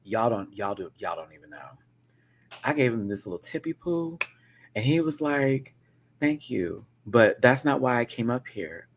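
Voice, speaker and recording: A young man telling a vlog storytime, dramatic and full of slang, with bursts of high laughter. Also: animated, moderate pace, slight background noise. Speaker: vlogger. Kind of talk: animated storytime rant.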